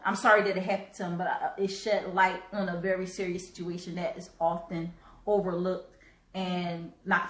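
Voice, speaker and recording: A woman hosting a live stream, talking earnestly with halting restarts and repeated words, choked up and coughing now and then. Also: mid-range voice, fairly bright tone, echoey room, low-quality recording. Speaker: host.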